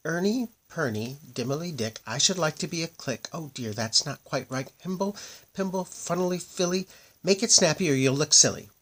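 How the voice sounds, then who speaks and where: Man doing a squeaky flustered young princess. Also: expressive, moderate pace, fairly bright tone. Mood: chanting spells. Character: fretful young princess learning magic.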